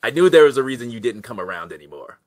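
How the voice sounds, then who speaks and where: A man voicing a gruff male goblin taskmaster who talks haltingly and turns indignant. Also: lowish voice, lively intonation, bright, forceful tone. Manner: halting with many fillers, rising to indignant outbursts.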